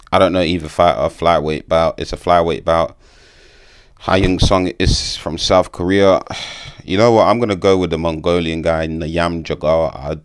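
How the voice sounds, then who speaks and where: A man's voice: low voice, clean tone. A man giving casual commentary as a vlogger, rambling, swearing freely and stumbling over names.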